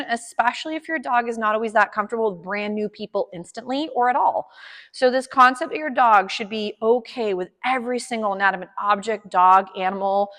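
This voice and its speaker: A woman's voice: a little high, a bit bright, long reverb tail. A woman dog trainer explaining a session to her clients, upbeat, chatty and encouraging.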